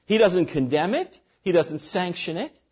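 A man's voice: high voice, very animated, a little slow, a little mellow, slightly rough. A man preaching a sermon as pastor, reading scripture aloud and breaking in with short asides to the congregation.

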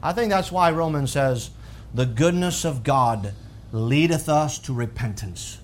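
A man preaching a sermon, swinging from calm teaching to loud, fervent high-pitched emphasis. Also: a little slow, slight background noise.

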